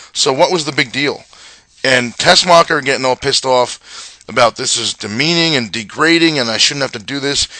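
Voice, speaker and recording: A man's voice: medium pitch, bright, forceful tone, dry recording. A man co-hosting a wrestling podcast in casual chat, rambling and ranting with many fillers.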